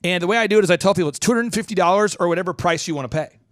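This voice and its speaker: Man, high-pitched, motivational podcast host, quick energetic delivery, dry studio sound. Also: no echo. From Oklahoma. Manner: fast-talking, animated, slips into voice imitations.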